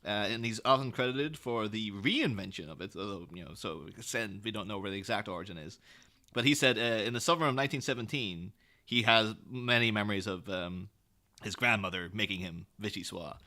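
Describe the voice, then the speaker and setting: A man co-hosting a podcast, telling stories in a rambling, animated way with lots of fillers. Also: on the low side, a little fast. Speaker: podcast co-host. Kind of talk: casual chat.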